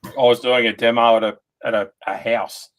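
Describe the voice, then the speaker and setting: A man hosting a casual podcast, telling a story in a relaxed, hesitant way. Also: medium pitch, normal speed, poor audio.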